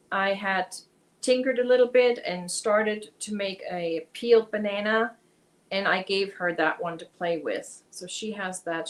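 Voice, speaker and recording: A woman's voice: medium pitch, rough recording. A woman hosting a casual crochet livestream, chatting with viewers, reading their comments aloud and talking to her cat.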